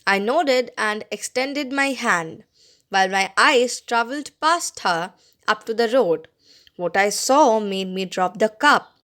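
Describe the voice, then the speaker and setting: A woman narrating a story as an audiobook reader, expressive and bringing out the dialogue. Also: fairly high pitch, slow pace.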